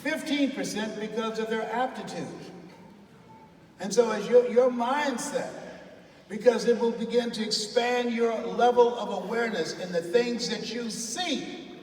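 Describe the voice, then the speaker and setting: Heard from a distance in an echoey hall with faint background noise, this man speaks in a very high pitch at an unhurried pace. He's a motivational speaker, animatedly telling stories and getting the large audience to repeat phrases back to him.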